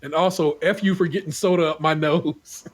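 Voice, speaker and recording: A male podcast host reads forum posts aloud in a relaxed, joking way and swears freely. His voice is husky and sits a bit high for a man. He chats casually between readings. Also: normal speed. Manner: laid-back, wisecracking, profane.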